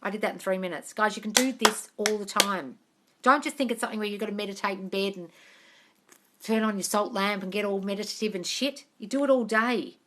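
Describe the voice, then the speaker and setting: A woman's voice: medium pitch, a little fast, fairly bright tone, a little hiss or hum. A young woman reading viewer comments aloud and answering them on a live stream. She is frank and chatty, swears freely, and calls her viewers darling. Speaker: manifestation coach answering live questions. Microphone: phone at arm's length.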